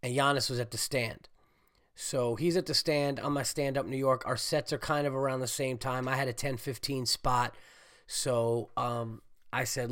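A congested man, a stand-up comedian and podcast host, talking in a rambling, animated monologue full of fillers and swearing. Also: medium pitch, moderate pace. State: congested, getting over a cold. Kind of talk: casual solo podcast monologue.

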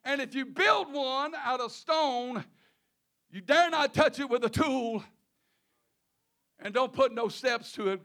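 A male preacher gives a halting sermon, repeating words, restarting phrases, and chuckling in between. His voice is very high and a little bright.

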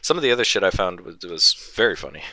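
A man co-hosting a casual podcast, easygoing and quick to agree. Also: low voice, sing-song, bright, forceful tone. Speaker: podcast co-host.

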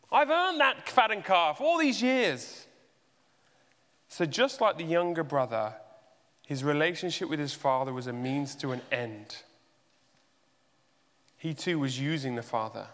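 A man's voice: fairly high pitch, a bit bright, big-room sound. A man preaching a sermon, asking the listeners many rhetorical questions and pushing his voice up for emphasis.

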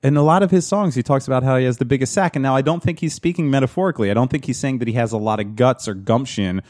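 A man's voice: mid-range voice, racing, darkish tone. A man hosting a casual podcast, rambling and profane, with lots of fillers and laughter. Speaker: podcast host.

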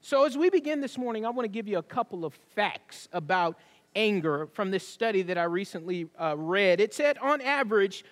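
A man with a very high voice delivers a sermon to his congregation. He preaches in an easy, conversational way, mixing asides with scripture. His voice rings out into the long reverb of a church hall. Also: lively intonation, moderate pace, a bit bright. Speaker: pastor. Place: church sanctuary.

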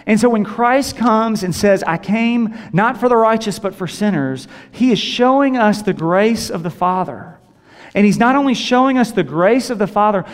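A middle-aged man preaching a sermon as a pastor, earnest and repeating key phrases for emphasis. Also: high voice. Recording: long reverb of a large hall.

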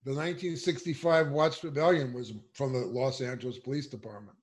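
A man's voice: medium pitch, fairly even intonation, fairly quick. Indignant, emphatic man speaking out. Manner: emphatic, indignant, rhetorical questions. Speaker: political speaker. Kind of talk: impassioned political commentary.

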